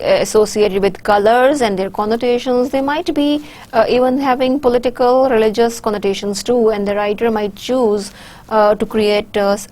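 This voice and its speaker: A woman's voice: medium pitch, darkish tone. Hesitant female lecturer with Pakistani English accent. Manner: measured, with frequent "uh" hesitations. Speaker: university lecturer. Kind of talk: recorded academic lecture.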